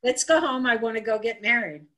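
A woman storyteller voicing a bold, cheerful hag lady who speaks bluntly and demands her way, her voice sometimes lifting high. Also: brisk, a bit bright, natural voice, poor audio. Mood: demanding.

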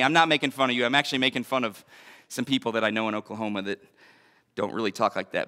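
Bright high-voiced energetic male preacher. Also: in a large hall. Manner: energetic conversational preaching with joking asides. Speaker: pastor. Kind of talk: sermon.

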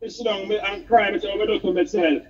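A man's voice: sits high, fairly even intonation, fast. A Jamaican man co-hosting a comic chat, telling aggrieved stories in patois. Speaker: comedy co-host. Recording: dull, distant and husky.

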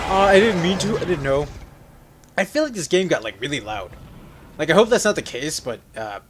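A man giving casual let's play commentary, joking and rambling, with sudden loud yelps, while sick. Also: fairly high pitch, expressive, a little fast, noisy background. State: sick, on medication.

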